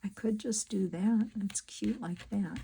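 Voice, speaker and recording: A middle-aged woman chatting casually to her viewers while she works on a craft project, talking to herself in soft asides. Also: mid-range voice, unhurried, vocal fry, husky, poor audio. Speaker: crafting vlogger.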